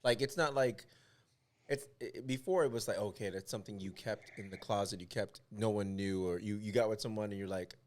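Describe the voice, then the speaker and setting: A man's voice: fairly low pitch, a little fast. A man co-hosting a podcast, talking casually and rambling with many restarts. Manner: rambling, repeats himself, restarts. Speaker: podcast co-host.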